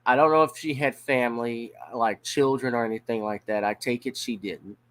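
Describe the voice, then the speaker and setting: A man's voice: medium pitch, fairly even intonation, fairly bright tone. A man from Louisiana, giving blunt, profane casual commentary on a news story. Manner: blunt, profane, drawn-out emphasis.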